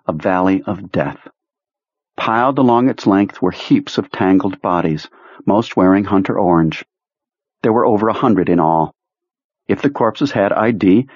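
A man reading an audiobook in a measured, even narration voice. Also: deep voice, slightly rough, no room sound, dull audio.

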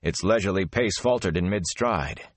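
A man narrating a fantasy audiobook in a steady, measured storytelling manner. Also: sits low, dry recording.

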